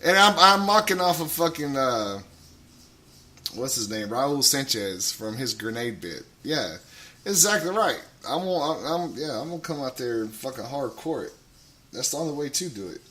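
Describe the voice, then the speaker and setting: A man talking casually on a radio show, rambling, swearing a lot and getting loud. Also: medium pitch, very animated, moderate pace.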